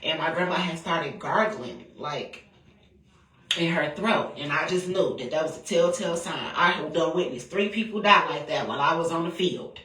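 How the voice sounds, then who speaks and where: A woman's voice: deep voice, moderate pace, a bit bright. Candid woman. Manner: candid, profane, rambling with frequent "or whatever". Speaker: vlogger telling a personal story. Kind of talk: casual storytelling. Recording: roomy, distant from the mic.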